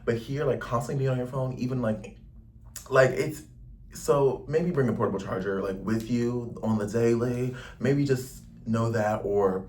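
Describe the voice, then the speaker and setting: A man's voice: on the low side, normal speed, a little mellow, distant mic, slight background noise. A young man from the United States talking casually to camera in a rambling, slangy travel vlog. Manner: chatty, rambling, slangy, lots of "like". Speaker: travel vlogger. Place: indoors in a Paris lodging.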